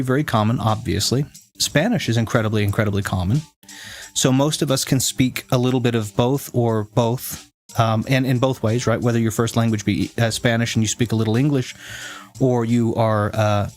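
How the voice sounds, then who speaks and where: A man with a fairly neutral American accent, streaming a game and chatting casually with viewers in a rambling, self-correcting way. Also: medium pitch. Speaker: let's play streamer. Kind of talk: casual chat with viewers while gaming.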